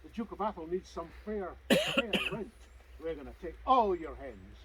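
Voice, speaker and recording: A man's voice: high-pitched, flat delivery, fast, very noisy, voice pushed up, close to an everyday voice. A Scottish man voicing ruthless rent collectors who mock an old widow with scorn. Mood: sneering. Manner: sneering, scornful.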